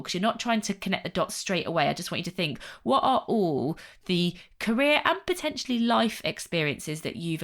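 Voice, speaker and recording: A woman with a lowish voice and a gravelly edge co-hosts a relaxed career podcast. She talks in an animated way and acts out inner doubts in quick little asides. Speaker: podcast co-host. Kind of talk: casual podcast chat.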